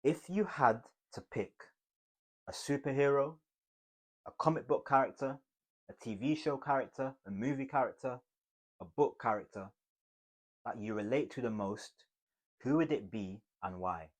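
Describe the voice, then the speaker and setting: A man teaching communication skills to camera in an emphatic, motivational way, swinging between loud bursts and hushed asides. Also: medium pitch, moderate pace, long pauses. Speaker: communication coach.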